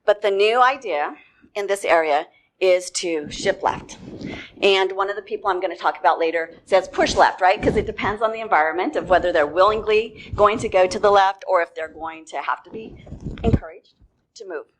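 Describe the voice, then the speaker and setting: A woman giving a talk at a security conference. She tells the story in a relaxed way and laughs easily. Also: mid-range voice, moderate pace, slight background noise. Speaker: conference speaker.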